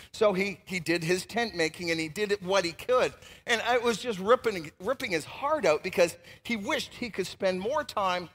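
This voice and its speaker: A man preaching a sermon as pastor, animated and emphatic, swinging between loud outbursts and hushed asides. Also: high-pitched, in a large hall.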